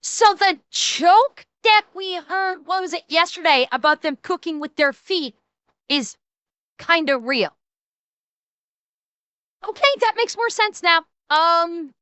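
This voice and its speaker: A woman streamer giving casual, excitable reaction commentary, swearing and restarting her sentences. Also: very high-pitched, slow, long pauses, no echo.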